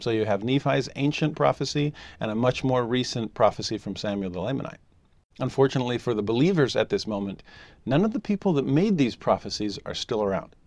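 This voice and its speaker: A man's voice: medium pitch, a little fast, no room sound. Man telling a scripture lesson story. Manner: animated storytelling, briefly voicing quoted characters. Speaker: scripture teacher.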